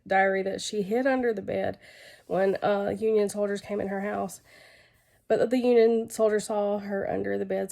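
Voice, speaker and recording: A young woman losing her voice and feeling unwell, presenting her research in an informal video, halting and full of fillers. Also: medium pitch, vocal fry, mellow. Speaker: graduate student presenting research.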